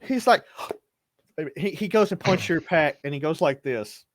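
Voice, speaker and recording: A man's voice: fairly high pitch, lively intonation, moderate pace, no echo. A man narrating as game master of a tabletop game, stumbling and restarting as he laughs through the scene.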